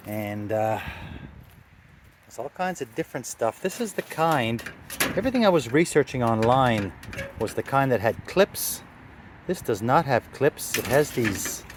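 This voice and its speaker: A man talks his way through car work in a home garage, loose and rambling, full of "uh" and "I mean." He has a dry, sarcastic edge, and his voice sits at an ordinary middle pitch. Faint workshop noise hums behind him on a camera mic. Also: very animated, unhurried, long pauses. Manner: easygoing, rambling, many fillers, dry sarcasm. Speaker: classic car restorer. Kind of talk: casual workshop vlog narration.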